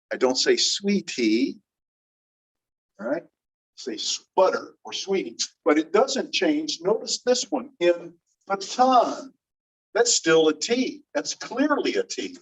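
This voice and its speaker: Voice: medium pitch, slightly rough, poor audio. A teacher giving a phonetics lecture in class, patiently quizzing students with questions and spelling out examples. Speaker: linguistics teacher.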